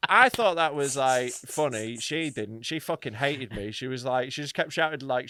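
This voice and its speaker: A man's voice: mid-range voice, expressive, measured pace, pushed and bright, no echo, studio quality. A man co-hosting a comedy podcast, telling a story in a sweary, playful way and acting out quotes. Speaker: podcast co-host. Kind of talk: casual comedy podcast chat.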